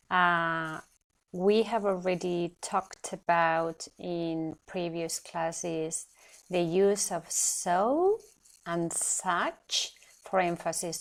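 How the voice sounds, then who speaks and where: A woman teaching an English grammar lesson in a measured, explanatory way, often checking in with "okay?". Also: medium pitch, animated. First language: Spanish. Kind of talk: recorded lesson presentation.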